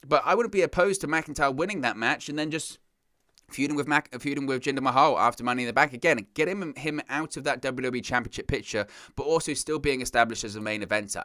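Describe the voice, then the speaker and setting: This man hosts a wrestling news show, his mid-range voice captured in clean studio quality with no echo. His commentary is casual and opinionated, full of exasperated, animated ranting.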